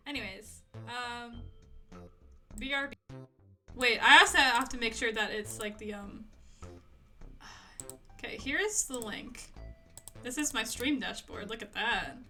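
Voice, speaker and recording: A young woman with a bright, forceful voice chats to her stream audience, talking to herself, giggling and rambling as she plays. Her pitch sits a bit high, with faint game music underneath. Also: slow pace, pauses often. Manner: chatty, self-talking, giggly, rambling to chat. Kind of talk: casual live-stream chat while gaming.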